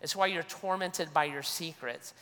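A man's voice: on the high side, normal speed, pushed and bright, in a large hall. A man preaching a sermon as a pastor, earnest, often restarting and repeating his phrases.

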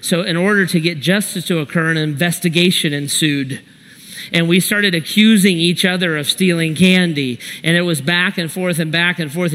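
Bright-voiced preacher in a reverberant hall. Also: male voice, high-pitched. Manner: emphatic, repetitive, direct address. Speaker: pastor. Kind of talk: sermon with storytelling.

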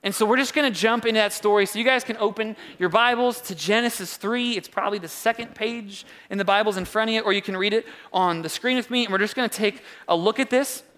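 A young man preaching a sermon in a church, casual and joking, swinging widely between high and low. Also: quick pace, hardly any pauses. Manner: casual and joking, with wide swings of pitch and loudness. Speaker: pastor.

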